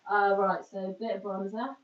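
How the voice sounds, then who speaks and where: A woman with a mid-range, level voice at normal speed chats casually during a live stream while doing her makeup. Chatty and rambling, she keeps breaking off mid-sentence. The sound is roomy, distant, and dull.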